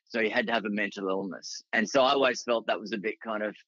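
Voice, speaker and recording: A man's voice: lowish voice, fast, fairly bright tone, no room sound, dull audio. An Australian man telling rambling anecdotes as a guest, with many restarts and fillers. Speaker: guest, writer and actor. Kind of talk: casual storytelling in a podcast interview.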